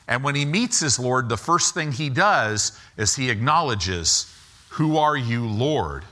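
A man preaching a sermon as pastor, slowing for emphasis and acting out quoted lines with rising and falling pitch. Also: sing-song, sharp tone. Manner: slow deliberate emphasis.

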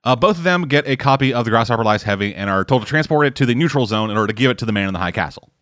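A man's voice: mid-range voice, expressive, racing, fairly bright tone, no echo, clean studio sound. A man in casual chat who rambles, swears often and fills his talk with "like" and "uh". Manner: rambling, swearing, lots of fillers.

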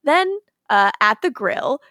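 Female podcast co-host, casual and profane, laughs a lot; slightly high voice, dry close sound. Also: very animated, pushed and bright, no echo. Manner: laughing, profane, quick retelling with quoted voices. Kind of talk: casual recap chat.

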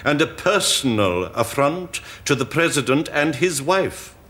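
An actor with a put-on French accent, playing a grave, formal French ambassador in a 1980s TV sitcom. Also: male voice, a little high, lively intonation, measured pace, a bit bright. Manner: solemn and formal.

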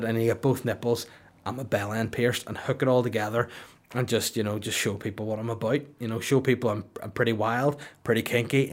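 Crude, rambling podcast host. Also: male voice, on the low side. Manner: rambling, crude, acts out silly voices. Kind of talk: comedic podcast monologue.

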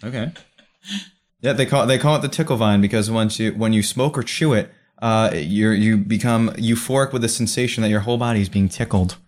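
A man's voice: fairly low pitch, a little fast. Amused young man running the game. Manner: rambling, amused, many restarts. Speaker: game master. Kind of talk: tabletop game narration.

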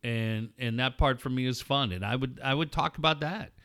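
A man hosting a sports talk radio show, ranting loudly and bluntly with lots of swearing and mocking asides. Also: mid-range voice, moderate pace. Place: radio studio.

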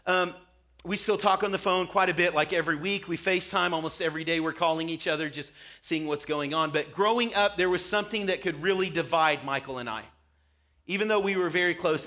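A young man preaching a sermon to a church congregation, telling stories with animation. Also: sits high. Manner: animated storytelling, acts out his childhood self. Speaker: pastor. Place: church sanctuary.

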